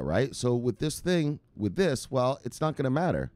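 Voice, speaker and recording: A man's voice: medium pitch, lively intonation, moderate pace, darkish tone, no room sound. A man hosting a crypto news show, rambling casually with profanity and hype outbursts.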